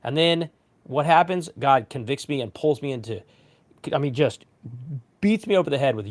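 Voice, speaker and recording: A man in his forties, a pastor hosting a casual livestream chat, telling a story with lively, self-mocking asides. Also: medium pitch, normal speed. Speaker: pastor and show host.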